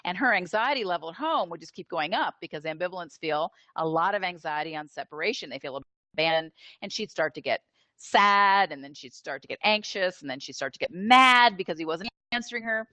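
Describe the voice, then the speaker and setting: A therapist being interviewed, a woman with a fairly low voice. She explains in an animated, conversational way, with filler words. The sound is dry and close, from a video call. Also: no room sound. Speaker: interview guest, attachment therapist.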